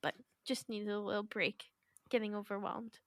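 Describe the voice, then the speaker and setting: A woman's voice: mid-range voice, little pitch movement, normal speed, fairly bright tone, no echo, clean studio sound. A woman co-hosting a podcast in casual chat, emotional and giggly, trailing off mid-sentence. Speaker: podcast co-host.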